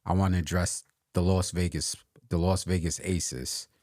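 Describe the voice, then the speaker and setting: A man's voice: low voice, fairly even intonation, moderate pace, darkish tone. A man co-hosting a podcast, steering the sports talk and stressing statistics. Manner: leads topics, emphasizes stats. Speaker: podcast co-host. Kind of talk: casual sports chat.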